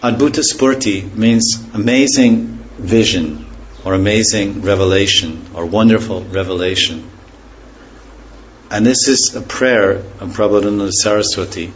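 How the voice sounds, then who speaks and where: A man with a fairly low voice teaches a scripture class at an unhurried, reflective pace. He stops often to explain words, and his phrases fade softly at the ends. A faint background hiss sits under his voice. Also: rough recording. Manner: pauses to explain words and terms. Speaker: spiritual teacher.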